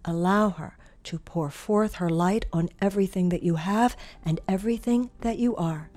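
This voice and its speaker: A woman giving an inspirational talk, earnest and animated as she tells a story. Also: on the low side, normal speed. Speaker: spiritual teacher.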